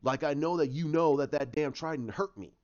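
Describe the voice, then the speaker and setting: A man voicing an earnest male superhero, speaking slowly and deliberately. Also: on the high side, a little mellow, lightly acted. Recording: dull lo-fi sound.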